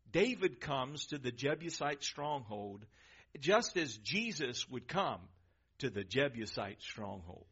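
A man preaching a sermon in a church, emphatic, asking the congregation questions and swinging from loud to soft. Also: medium pitch, very animated, measured pace, slightly rough, muffled recording. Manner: emphatic, varies volume, asks the crowd questions.

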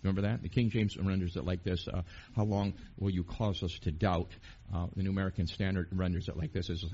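Gravelly-voiced man preaching a sermon. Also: low-pitched, fast talker, dull audio, a little hiss or hum. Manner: emphatic, rising to loud peaks with questions to the congregation.

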